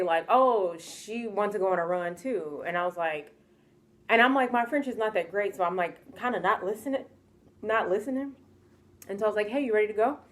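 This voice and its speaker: A young woman from the United States telling a casual storytime vlog, animated and exasperated, acting out what people said to her. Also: fairly high pitch.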